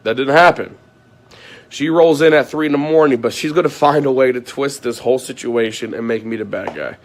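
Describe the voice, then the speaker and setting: A man's voice: medium pitch, brisk. Aggrieved man ranting to viewers. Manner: aggrieved, repetitive, swears often. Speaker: vlogger.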